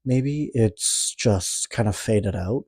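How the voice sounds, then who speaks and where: A Canadian reviewer with a speech impediment talks slowly through a horror movie recap in a fairly low, slightly mellow voice with a breathy edge. He's casual and rambling, adding sarcastic, profane asides, on a dry recording.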